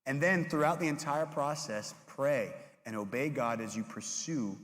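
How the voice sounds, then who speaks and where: A young man preaching to middle schoolers as their youth pastor, animated and storytelling, who jumps into high voices for classmates. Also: normal speed. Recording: hall reverb.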